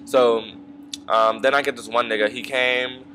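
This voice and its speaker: A man's voice: medium pitch, steady tone, a little slow, pushed and bright, slight background noise. A young man with a mid-range voice tells a story in a loose, rambling vlog rant. He swears constantly, trails off into ums and asides, and keeps circling back to his complaint. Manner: rambling, profane, full of fillers and asides. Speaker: vlogger.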